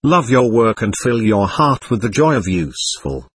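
A man voicing a kindly older woman who speaks gentle, encouraging words, in an audiobook reading. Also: lowish voice, sing-song, moderate pace, breathy edge, dry recording, studio quality, exaggerated voice.

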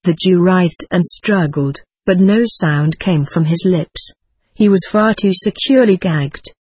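A woman narrating a first-person story in a steady, dramatic reading. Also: fairly low pitch, unhurried, breathy edge, dry recording. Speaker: audiobook reader.

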